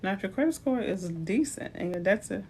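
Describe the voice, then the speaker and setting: A woman's voice: medium pitch, animated, fairly quick, a little mellow, a little hiss or hum. A woman from New Orleans with a New Orleans accent, a realtor giving chatty, playful advice on a live stream. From New Orleans, USA. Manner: chatty, playful asides to viewers.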